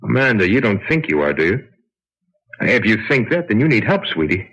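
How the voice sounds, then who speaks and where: An actor playing a young lawyer fiancé in a radio drama, blunt, teasing and quick to anger. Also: male voice, lowish voice, very animated, a bit bright, breathy edge, lo-fi sound, heavily acted. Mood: arguing. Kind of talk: 1970s radio drama acting.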